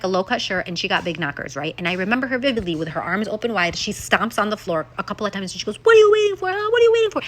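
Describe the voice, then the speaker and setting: A vlogger with a fairly low-pitched voice chats casually on camera while still congested from being sick. She's animated, peppering her talk with exclamations and asides.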